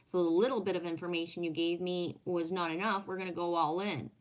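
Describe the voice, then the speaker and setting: A woman with a slightly low voice tells a personal story in casual talk. She is blunt and swears freely. She acts out the voices of the people she quotes. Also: steady tone, fairly quick. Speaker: former restaurant owner and chef.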